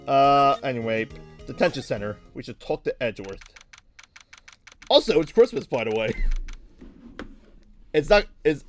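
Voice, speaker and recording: A man hosting a let's play, chatting casually and loudly, joking and swearing freely. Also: medium pitch. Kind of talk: casual game commentary.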